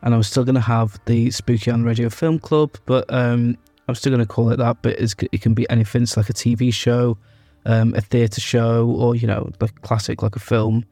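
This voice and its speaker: A man's voice: medium pitch, flat delivery, normal speed, dark tone, no room sound. A young man, hosting a podcast and chatting casually, rambling with lots of ums and fillers. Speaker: podcast host. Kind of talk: casual podcast intro chat.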